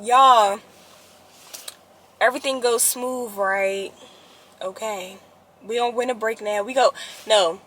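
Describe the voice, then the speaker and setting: High bright animated young woman storyteller. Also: slow, long pauses, a little hiss or hum. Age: young adult. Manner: animated, addresses viewers as y'all, rises to exasperated outbursts. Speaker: vlogger telling a story. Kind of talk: casual storytime vlog.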